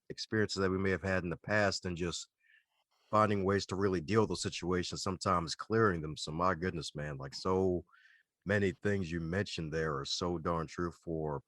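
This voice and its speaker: A man's voice: sits low, fairly bright tone, dry recording, studio quality. A man hosting a podcast, talking in an enthusiastic, slangy, hyped-up way. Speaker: podcast host. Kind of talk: casual interview chat.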